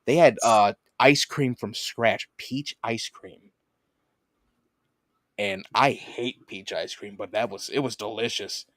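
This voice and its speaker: A man hosting a podcast in casual chat, an animated storyteller who swears and laughs often. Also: fairly low pitch, slow pace, dry recording, studio quality. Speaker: podcast host.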